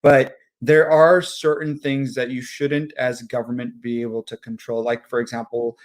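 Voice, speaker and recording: Co-host, male, mid-pitched, blunt with crude jokes, casual talk. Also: level tone, normal speed. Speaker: podcast co-host. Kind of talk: casual political chat.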